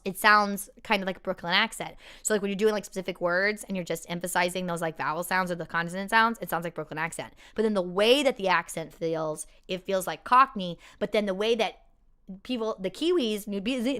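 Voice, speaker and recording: A woman's voice: medium pitch, fairly bright tone, smooth. A woman hosting a casual question-and-answer chat with viewers, rambling with many fillers and restarts and laughing easily. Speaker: performer hosting a live Q&A.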